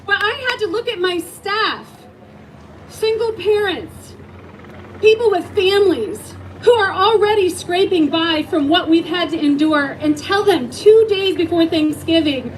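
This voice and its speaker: A woman's voice: extremely high pitch, measured pace, slight background noise, rough recording. A middle-aged woman who owns a restaurant, giving an emotional speech at an outdoor rally and rising to rallying cries. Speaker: rally speaker, restaurant owner. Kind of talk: impassioned speech to a crowd.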